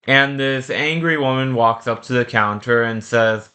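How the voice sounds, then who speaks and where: A young man telling crude comic work stories, sarcastic with deadpan asides. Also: mid-range voice, a little slow, hardly any pauses. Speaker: comedy storyteller. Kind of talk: comic storytelling with acted customer voices.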